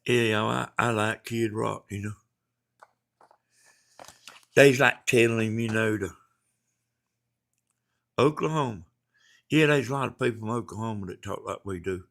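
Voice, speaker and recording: Folksy gravelly Georgia man. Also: fairly low pitch, measured pace, pauses often, fairly bright tone. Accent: Southern US, Georgia. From Georgia, US South. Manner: folksy, rambling, drawling. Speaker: livestream host. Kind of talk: casual livestream chat, reading viewer comments.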